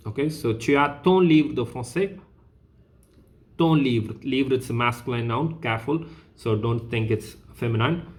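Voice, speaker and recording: A man teaching a French revision lesson, patiently repeating each sentence and translating it. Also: medium pitch. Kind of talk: revision lesson explaining exercises.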